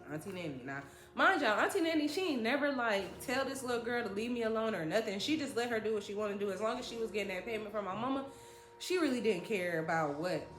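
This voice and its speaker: A young storytime vlogger from New Jersey, her voice medium-pitched and reverberant, tells an animated story. She's dramatic, chatty, and slangy, often speaking straight to her viewers.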